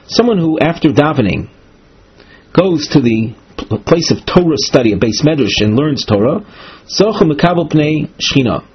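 Man, Talmud teacher, hesitant explaining, breathy, dull recording. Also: mid-range voice. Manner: reads Hebrew-Aramaic phrases, then explains with many "uh" pauses. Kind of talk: text study lesson, reading and translating.

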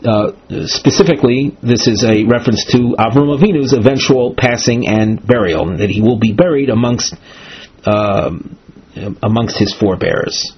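A man with giving a Talmud lesson, reading each phrase and then explaining it with many halting "uh" pauses. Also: mid-range voice, breathy edge. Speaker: Talmud teacher. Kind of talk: text study lesson, reading and translating. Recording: dull lo-fi recording.

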